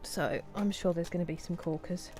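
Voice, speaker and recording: A woman's voice: lowish voice, steady tone, normal speed, over music. A British woman streaming a game, chatting casually and greeting her viewers by name. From Britain. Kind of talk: casual chat with viewers while gaming.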